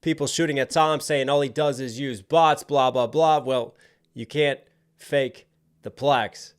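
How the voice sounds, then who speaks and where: A man's voice: medium pitch, steady tone, a little slow, clear, resonant tone. A young man, a rapper, giving casual reaction commentary on a song and animatedly breaking down its rhymes and flow.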